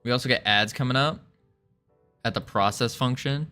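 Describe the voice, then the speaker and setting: Faint music sits behind a man whose mid-range voice is bright and forceful at a normal speed. Live-streaming his game development, he mutters through code and jokes self-deprecatingly in relaxed coding commentary.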